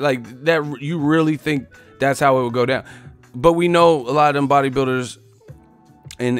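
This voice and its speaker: Hosting a boxing live stream, a man with a mid-range voice rants loudly and casually while reading the chat. He swears, mocks, and laughs often.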